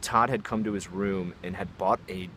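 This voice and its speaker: Low-voiced young man telling a story. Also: steady tone, moderate pace, a bit bright, a little hiss or hum. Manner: casual, profane, many fillers like "like". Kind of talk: casual storytime vlog.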